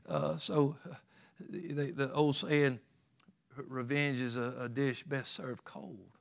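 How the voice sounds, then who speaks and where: A man's voice: mid-range voice, little pitch movement, takes it slowly, creaky. A man preaching a sermon in a folksy, emphatic way, with plain rural grammar.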